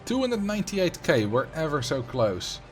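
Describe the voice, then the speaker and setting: A man's voice: on the high side, sing-song, normal speed, soft background music. A man in his late twenties hosting a livestream, telling rambling anecdotes in casual chat. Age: late 20s. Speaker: livestream host.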